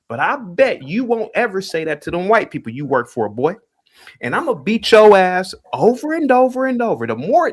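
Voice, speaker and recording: A man's voice: sits high, slightly rough. A man hosting a call-in livestream, taunting and confrontational, repeating his points. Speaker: livestream host. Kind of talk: heated call-in stream rant.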